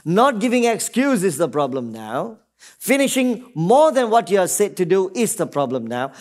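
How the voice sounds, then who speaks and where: With a high voice, big swings in pitch and a moderate pace, a middle-aged pastor from Singapore gives a sermon to his congregation. "Amen?" comes up again and again, and he shifts into short quoted voices as he teaches.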